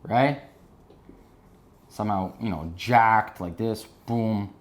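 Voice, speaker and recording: A man giving an energetic business lesson while drawing on a board, often checking in with his listeners. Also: lowish voice, slow pace. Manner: energetic, keeps checking in with "right?" and "okay?". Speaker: business instructor.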